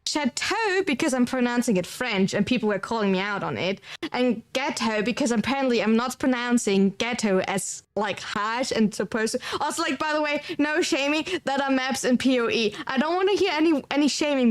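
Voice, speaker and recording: A woman's voice: fairly high pitch, lively intonation, moderate pace, few pauses. Chatty German-accented woman streamer. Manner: rambling, chatty, heavy use of "like", answers chat as she talks. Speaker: livestreamer. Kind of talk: casual stream chat.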